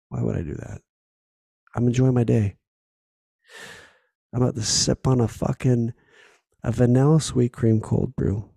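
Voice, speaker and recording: A man's voice: medium pitch, gravelly, dark tone, no room sound, studio quality. A man hosting a solo podcast, telling a personal story in a candid, casual way that is full of swearing and little acted-out scenes. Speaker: podcast host.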